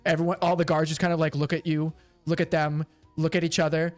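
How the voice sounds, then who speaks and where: A man's voice: a little high, level tone, fast talker, dry recording, soft background music. A man narrating a tabletop game as game master, rambling with many fillers and self-corrections.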